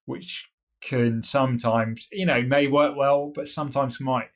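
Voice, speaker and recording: A man's voice: medium pitch, steady tone, unhurried. A British man from the UK co-hosting a podcast, giving thoughtful, hesitant answers full of "you know" and restarts. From United Kingdom. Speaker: podcast co-host. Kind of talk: casual podcast chat.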